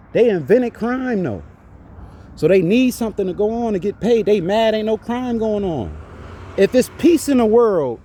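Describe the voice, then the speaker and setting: Man, indignant street-preacher rant to phone camera, high and lively pitch, faint traffic behind. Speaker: vlogger. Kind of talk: ranting monologue to camera. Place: outdoors outside a church.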